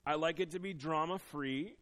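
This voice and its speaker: Earnest preaching man, slightly high voice. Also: normal speed. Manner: earnest, swings from hushed confession to emphatic preaching. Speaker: pastor. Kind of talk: sermon.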